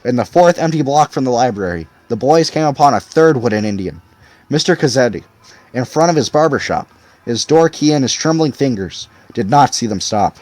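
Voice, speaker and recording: A man's voice: mid-range voice, expressive, normal speed, darkish tone, no echo. A man reading a novel aloud expressively as audiobook narrator. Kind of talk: scripted narration.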